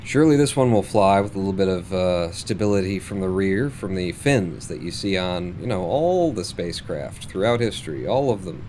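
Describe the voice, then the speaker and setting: A man's voice: low voice, animated, moderate pace, hardly any pauses, darkish tone, slight background noise. A man streaming a space game live, muttering and swearing at the game with sarcastic frustration. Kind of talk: live gameplay commentary.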